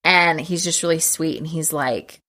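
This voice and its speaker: Low-voiced woman recapping a film. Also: moderate pace. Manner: animated retelling, acting out quotes. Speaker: podcast co-host.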